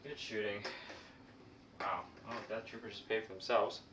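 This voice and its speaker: A man's voice: on the low side, steady tone, moderate pace. A man playing a tabletop wargame, explaining his moves in casual chat and trailing off into mutters as he thinks. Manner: talks through his moves, drops to mutters. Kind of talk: casual game commentary. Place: room around a gaming table. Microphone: camera mic at a distance. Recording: echoey room, distant mic, background hiss.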